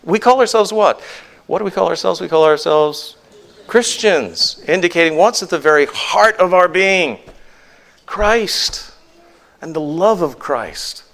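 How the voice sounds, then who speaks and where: A man's voice: high voice, lively intonation, unhurried, creaky, a bit bright. A male pastor preaching a sermon in an earnest, emphatic way, full of rhetorical questions.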